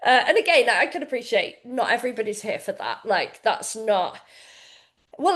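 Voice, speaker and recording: Frank, candid pregnant woman, high voice. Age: late 30s. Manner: candid, frank, swears freely. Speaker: fitness coach and community founder. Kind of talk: casual heartfelt talk to members.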